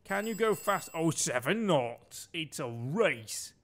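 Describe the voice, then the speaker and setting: A man's voice: a little high, sing-song, takes it slowly, a bit bright. A man from Denmark giving chatty, sweary commentary while streaming a game and barking orders at his crew. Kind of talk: casual gameplay commentary.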